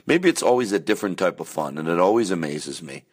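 A man's voice: low voice, animated, fast. A man rambling chattily in a casual pre-show monologue, self-deprecating. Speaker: podcast host.

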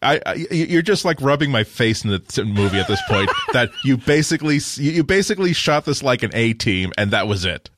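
A man on a podcast panel talking deadpan with many stammered restarts. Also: mid-range voice, a little fast, hardly any pauses, background noise. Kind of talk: casual chat.

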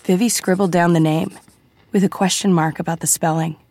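A woman narrating an audiobook in a measured, quietly suspenseful way. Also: lowish voice, steady tone.

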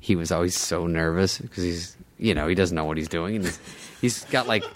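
A man's voice: low voice, a little fast, a little hiss or hum. A middle-aged man, a former sketch show writer and performer, telling loose, funny stories as a guest, laughing often and swearing freely. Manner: animated, laughs often, swears freely, mimics other people. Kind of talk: casual storytelling in a podcast interview.

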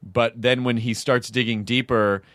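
A man hosting a casual podcast chat, rambling and quick to laugh. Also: medium pitch, flat delivery, a bit bright, no echo, clean studio sound. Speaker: podcast host.

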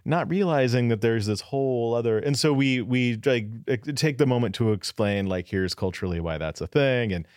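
A man's voice: medium pitch, normal speed, hardly any pauses, darkish tone, smooth, no room sound, clean studio sound. A man hosting a casual podcast, telling a story in a wry way with occasional stammers. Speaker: podcast host.

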